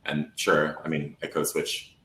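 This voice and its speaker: A man's voice: rumbling low, monotone, measured pace, fairly bright tone. A man bartender speaking bluntly and wearily on a panel discussion. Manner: tired, blunt, emphatic. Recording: echoey room, faint hum.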